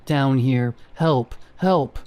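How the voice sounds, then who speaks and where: A man voicing an inhuman thing in a pit that mimics a frightened young woman, pleading and eerie, sometimes in a raspy whisper. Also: medium pitch, extremely slow, darkish tone. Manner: pleading, then eerily singsong.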